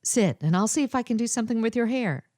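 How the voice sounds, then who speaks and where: A woman's voice: fairly high pitch, animated, fast, darkish tone, no echo, clean studio sound, pitched above the performer's own voice, natural voice. A woman doing reassuring best friend Carly. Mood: encouraging. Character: young woman, seasoned undercover adventurer, reassuring.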